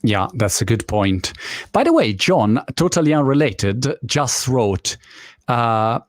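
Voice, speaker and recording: A man with an Italian accent hosting an interview, animated and quick to laugh. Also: mid-range voice, no echo, studio quality. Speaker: interview host. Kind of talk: casual interview chat.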